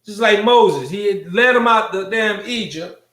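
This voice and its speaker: Male host, fiery preachy monologue, high lively voice, roomy echo. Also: unhurried. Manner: preachy, profane, rhetorical questions and repetition. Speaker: show host.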